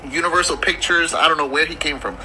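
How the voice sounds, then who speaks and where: A man doing stand-up storytelling, animated and laughing as he mock-pleads through his bit. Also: a little high, fast, a little hiss or hum. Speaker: comedian.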